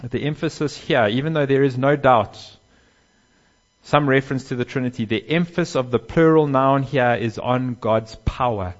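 A man preaching a sermon, swelling loud on key phrases and dropping low and soft on others. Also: normal speed, dull audio. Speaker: pastor.

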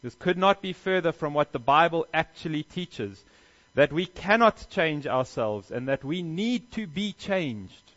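A man's voice: fairly high pitch, expressive, unhurried, fairly bright tone, lo-fi sound. A man preaching a sermon as pastor, earnest, with emphatic stresses and rhetorical questions.

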